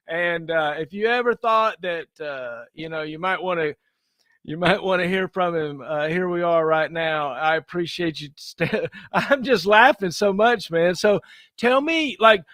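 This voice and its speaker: A man's voice: high-pitched, sharp tone, no echo, studio quality. A man hosting a live online interview who reacts with enthusiasm, laughs a lot and repeats phrases. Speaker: host.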